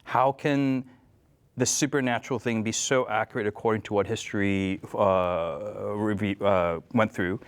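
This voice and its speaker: A man co-hosting a casual religious discussion, speaking thoughtfully with frequent pauses and fillers. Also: fairly low pitch, steady tone, smooth. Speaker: co-host and senior editor.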